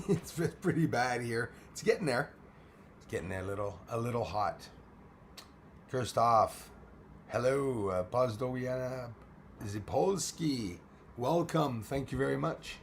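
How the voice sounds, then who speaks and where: A man with a hoarse, failing voice hosting a casual live stream, speaking quietly as he greets viewers. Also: animated, a little slow, a little hiss or hum. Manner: speaks quietly and keeps it low. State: hoarse, losing his voice.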